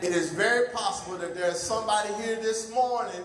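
High-pitched preacher man in a hall. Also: a little fast. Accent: American. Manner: call-and-response preaching, swinging between shouts and low asides. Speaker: pastor. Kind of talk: sermon. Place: large church sanctuary. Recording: echoey hall from far off.

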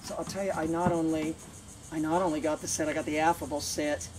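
A woman's voice: low voice, flat delivery, quick pace. A woman training her dog and talking casually, chatty and playful, with sing-song repeats. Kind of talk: casual training demo talk. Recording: noisy outdoor recording.

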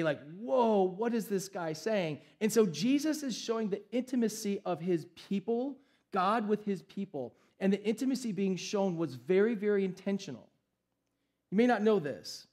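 A man's voice: sits high, darkish tone. A young adult man, a pastor preaching a sermon in an emphatic, conversational way.

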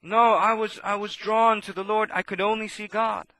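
A man preaching a sermon, impassioned and swinging between loud outbursts and hushed asides. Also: high-pitched, little pitch movement, normal speed.

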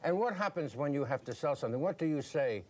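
A man interviewing a guest on TV, asking brisk, direct questions. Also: a little high, expressive, darkish tone.

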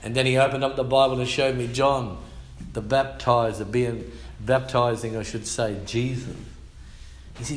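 A man's voice: medium pitch, fairly even intonation, measured pace, echoey room, slight background noise. An older man with an Australian accent, preaching a sermon as a pastor and telling his testimony in a colloquial, slangy, emphatic way. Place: church.

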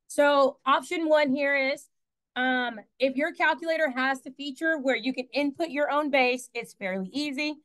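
High-voiced woman teaching math class. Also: normal speed, a bit bright. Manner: chatty, asks the class questions, corrects herself.

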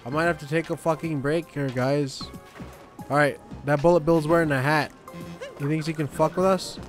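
A young man commenting on a game as he plays, swearing often and joking excitedly. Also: a little high, normal speed, soft background music. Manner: profane, excitable, jokey. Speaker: gaming YouTuber. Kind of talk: let's play commentary.

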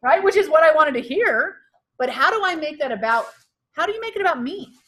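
Speaking fairly quickly in a high, bright voice, an energetic woman who trains real estate salespeople leads a live workshop lesson in a training room. She fires questions at the audience and repeats their answers back.

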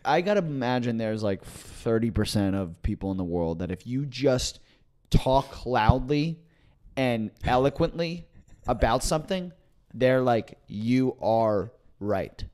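A man's voice: mid-range voice, lively intonation, measured pace, darkish tone. A man co-hosting a comedy podcast in casual chat, dry and sarcastic. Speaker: podcast co-host.

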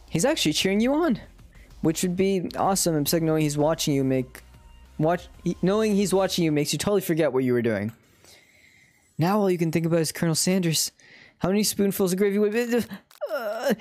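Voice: mid-range voice, lively intonation, brisk, darkish tone, dry recording, soft background music. A streamer casually reading a dating sim aloud on a live stream, swearing and laughing at their own slips.

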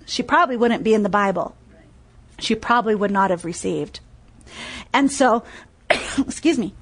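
A woman's voice: medium pitch, expressive, moderate pace, husky. A woman preacher giving a sermon. She tells stories, reads scripture aloud, repeats key phrases for emphasis and quizzes listeners with "what?".

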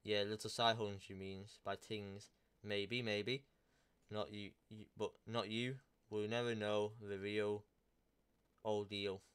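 Young guy, low clear voice, casual crude storytelling vlog, swears, rambles, corrects himself. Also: level tone, takes it slowly, fairly bright tone. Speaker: YouTuber. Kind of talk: casual storytelling, reading out texts.

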